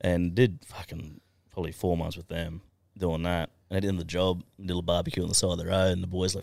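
A man's voice: sits low, steady tone, a little fast, creaky, darkish tone, no echo, clean studio sound. An Australian man, a podcast guest, telling his life story in a casual, profane way and laughing now and then. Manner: swears constantly, laughs through his story.

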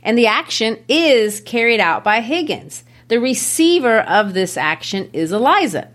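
A woman's voice: fairly high pitch, big pitch swings, measured pace, a bit bright. A woman co-hosting a casual discussion of a play, analytical and amused as she explains it. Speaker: podcast co-host discussing a play.

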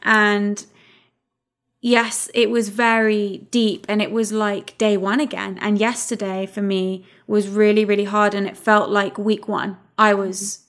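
A woman co-hosting a casual conversation, with a middle-pitched voice. She speaks reflectively and haltingly, pausing often with fillers and restarting her sentences. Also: level tone, a bit bright. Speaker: podcast co-host. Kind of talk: casual chat.

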